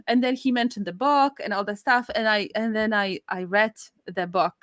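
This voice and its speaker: A woman guest telling a personal story in casual conversation, animated and laughing often, her voice jumping high when excited. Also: normal speed, no echo, clean studio sound.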